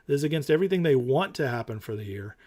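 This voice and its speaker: A man hosting a casual stock market talk show, animated and opinionated, who repeats his points for emphasis. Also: rapid-fire. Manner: mocks others in high put-on voices.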